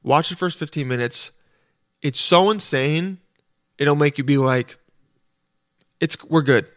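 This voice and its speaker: Male podcast host, rambling profane riffs, slightly high voice, dry close mic. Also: measured pace, a bit bright, no room sound. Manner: rambling, profane, self-interrupting. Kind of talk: casual solo monologue.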